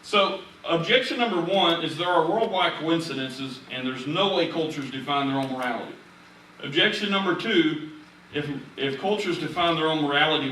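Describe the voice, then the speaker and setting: Forceful man teaching in church. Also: fairly high pitch, slight background noise. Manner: conversational, storytelling, emphatic. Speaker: Bible study teacher. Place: church room. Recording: echoey room, distant mic.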